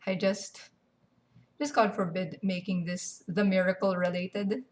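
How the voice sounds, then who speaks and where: A woman's voice: mid-range voice, flat delivery, measured pace, a little mellow. A young woman, ranting animatedly and sarcastically in casual game commentary, swearing freely. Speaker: gaming video commentator.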